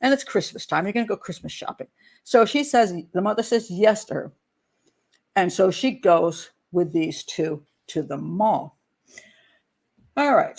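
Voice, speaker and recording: A woman's voice: mid-range voice, darkish tone. An older woman, a criminal profiler, giving chatty, blunt true crime commentary with sarcastic asides.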